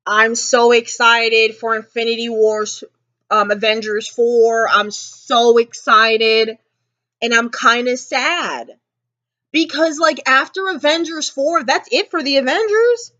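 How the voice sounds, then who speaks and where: A woman's voice: a little high, slow pace, sharp tone, dull audio. A woman vlogger rambling emotionally about a film she just saw, repeating herself often. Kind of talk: casual movie reaction ramble.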